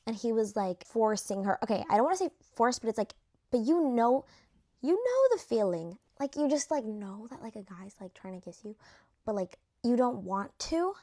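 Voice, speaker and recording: Young woman rambling to her camera, lots of likes and slang, voice a touch on the high side. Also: dark tone. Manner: chatty, filler-heavy slangy talk. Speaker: vlogger ranking reality show cast. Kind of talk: casual chat to camera.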